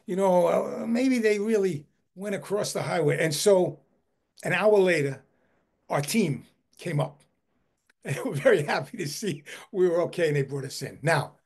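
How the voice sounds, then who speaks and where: Husky man, slightly high voice, animated storyteller on a video call. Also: normal speed. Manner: animated, repeats words while telling a story. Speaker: historical society head giving a book talk. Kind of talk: anecdotal storytelling talk.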